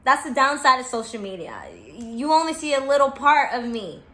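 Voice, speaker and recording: Blunt, bright-voiced young woman vlogging. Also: high-pitched, normal speed, echoey room. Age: 20s. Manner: blunt, profane and emphatic, with reassuring repetition. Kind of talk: candid talk to camera.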